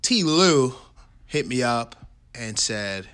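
A man in casual chat, telling a long story in animated slang and laughing often. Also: mid-range voice, normal speed.

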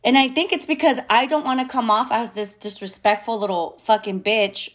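A woman's voice: fairly high pitch, fairly even intonation, moderate pace, a bit bright. Blunt, swearing woman podcaster. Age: adult mother. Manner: blunt, heavy swearing, frequent fillers; mixes in Spanish phrases. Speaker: podcast host. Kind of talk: candid casual monologue.

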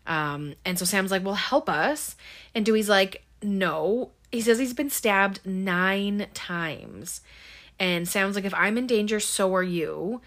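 A woman casually recapping a horror movie plot, chatty, with lots of ums and likes, slipping into quick quoted lines. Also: medium pitch, fairly bright tone.

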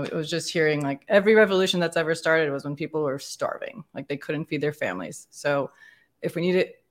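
A woman guest on a casual panel chat, telling stories in a chatty, animated way. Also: low-pitched.

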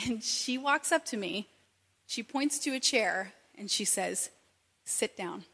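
A woman in her thirties telling a personal story in an animated, conversational way, with many asides. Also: a little high, takes it slowly, gravelly, breathy edge. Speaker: speaker sharing a personal testimony. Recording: long reverb from a hall.

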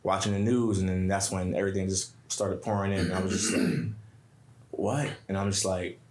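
A man with a fairly low voice tells a story in relaxed podcast chat. He keeps repeating words and quotes his friends in slang. The room gives his voice a clear echo. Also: normal speed. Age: adult with a young son. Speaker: podcast guest.

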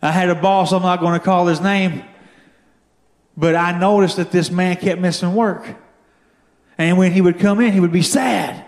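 High-voiced man preaching in an echoey church. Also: fairly even intonation, moderate pace. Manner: storytelling, rises to shouting fervor. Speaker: guest speaker giving testimony. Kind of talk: sermon testimony.

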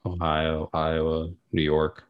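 A man with a very deep voice co-hosts a casual podcast. He recaps in a relaxed, filler-heavy way. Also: slow, narrow, tinny audio. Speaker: podcast co-host. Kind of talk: casual chat.

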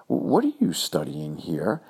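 A man voicing a poised woman college professor, gentle and questioning. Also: deep voice, wildly swooping pitch, measured pace, gravelly, husky, exaggerated voice. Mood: curious.

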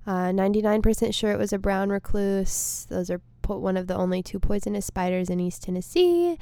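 A woman's voice: mid-range voice, brisk, mellow, no echo. A woman hosting her podcast alone, a comedian rambling in a casual, self-deprecating and emotional way from her studio. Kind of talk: casual solo monologue. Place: studio space.

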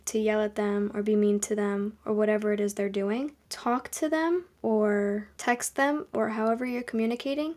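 A young woman hosting a podcast, giving advice in a calm, earnest, conversational monologue. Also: mid-range voice. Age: young adult. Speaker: podcast host.

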